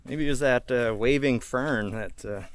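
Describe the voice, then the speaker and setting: A man's voice: mid-range voice, moderate pace. A man hosting an outdoor vlog, narrating a hike through the woods in a chatty way and laughing often. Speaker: vlog host. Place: outdoors in a forest.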